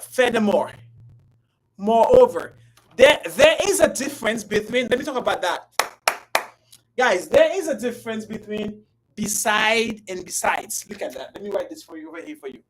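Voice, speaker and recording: A woman teaching an English class in a playful, coaxing way. She repeats herself often and swings between loud and soft. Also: on the high side, lively intonation, normal speed, slight background noise, rough recording. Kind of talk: live online language class.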